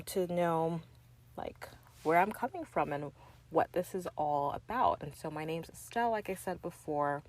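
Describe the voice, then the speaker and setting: A young woman hosting her own podcast, talking earnestly and encouragingly straight to the listener in a loose, chatty way. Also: low voice. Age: young adult. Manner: loose and talky, with fillers and restarts. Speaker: podcast host. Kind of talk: casual solo podcast chat.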